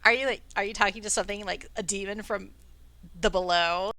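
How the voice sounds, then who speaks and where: A woman voicing an excitable young woman clerk in a tabletop game, gushing and breathless. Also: mid-range voice, a little fast, dry recording.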